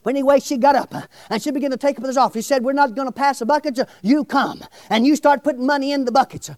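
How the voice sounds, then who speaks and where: A middle-aged man, preaching a testimony sermon in a loud, exclamatory way, often shouting. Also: very high voice, fast talker, dry recording. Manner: shouting, exclamatory, breaks into laughs.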